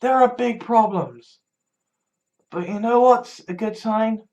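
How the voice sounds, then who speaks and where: Rambling man, high voice. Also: slow pace, a little mellow, lo-fi sound. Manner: rambling, stumbling restarts, frequent swearing; wry, laughs often. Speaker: vlogger. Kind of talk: casual rambling monologue.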